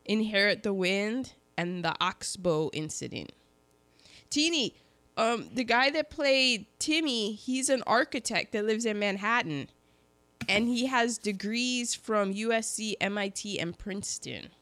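A woman co-hosting a casual film podcast, chatting through cast trivia with quick asides. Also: medium pitch, expressive, a bit bright, dry recording. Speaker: podcast co-host presenting film facts. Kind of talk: casual chat about an old film.

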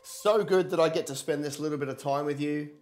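A man, giving an energetic livestream sermon and calling on viewers to respond. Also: fairly high pitch, fairly quick. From London and Australia. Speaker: preacher and business coach.

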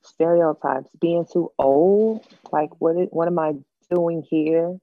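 A woman in her thirties from Los Angeles, telling her story as an interview guest, animated and acting out other people's lines. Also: fairly low pitch, takes it slowly, no echo, phone-quality sound, faint music behind.

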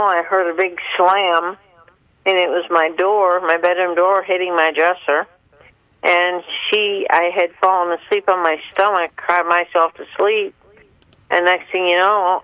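A woman calling in to a radio show, speaking haltingly with many pauses and fillers. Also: on the low side, no echo. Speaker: caller. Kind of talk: call-in radio confession. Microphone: telephone. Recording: muffled phone line.

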